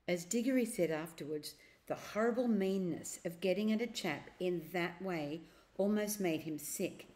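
A woman reading a children's novel aloud, narrating in a steady, expressive way. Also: on the low side, normal speed. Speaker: storyteller.

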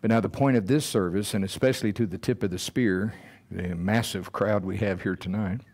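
A man preaching a sermon in a church, acting out scared Bible figures in a high, strained voice. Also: steady tone, fairly quick, a little mellow. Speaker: pastor. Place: church sanctuary.

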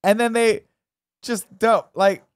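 A man hosting a casual podcast, recapping a film quickly and dropping into jokey mock voices for the characters. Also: high-pitched, fairly even intonation, clean tone, no echo, studio quality. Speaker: podcast host. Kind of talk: casual movie recap chat.

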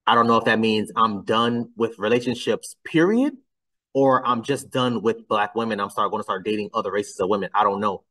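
A man's voice: fairly low pitch, fairly quick, bright, forceful tone, distant mic, rough recording. A man hosting a casual reaction commentary, talking bluntly and getting exasperated, his voice climbing when he is incredulous. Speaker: commentary channel host.

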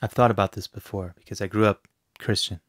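A man's voice: fairly low pitch, fairly even intonation, fairly quick, fairly bright tone, dry recording, clean studio sound. A man who works as a fitness trainer, talking in a casual podcast interview in a brash, profane and intense way.

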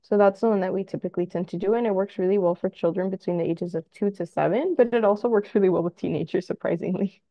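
A woman's voice: medium pitch, quick pace, hardly any pauses, dry recording, highs cut off. A woman therapist giving a conversational talk to parents, acting out little scenes with children as she explains. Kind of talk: presentation to parents.

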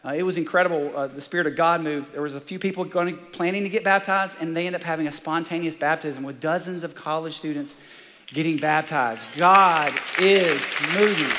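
Energetic male pastor, slightly high-pitched, live sermon in a reverberant church hall. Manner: energetic and excitable, fired up. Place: large church auditorium.

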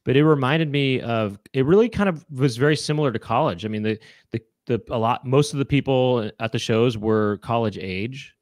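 A man's voice: mid-range voice, normal speed, a little mellow, dry recording. Rambling jokey male show host. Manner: rambling, lots of fillers and restarts, jokey. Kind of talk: casual chat.

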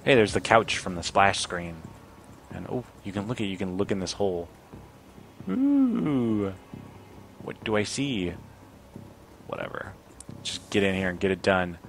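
Young male let's-play host, low voice, sarcastic commentary over quiet game music. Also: fairly even intonation, moderate pace. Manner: sarcastic, reads game dialogue aloud in a lightly raised voice. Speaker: gaming video host.

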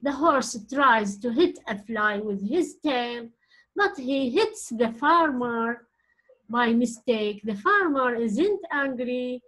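A woman voicing an eager young schoolgirl in a read-aloud storybook, speaking slowly and earnestly. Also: high-pitched, lively intonation, a bit bright, full character voice, low-quality recording.

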